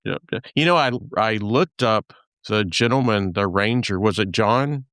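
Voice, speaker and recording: A man's voice: on the low side, unhurried, fairly bright tone, dry recording, studio quality. Rambling man hosting a podcast. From Texas. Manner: rambling, many fillers and restarts. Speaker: podcast host. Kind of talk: casual chat.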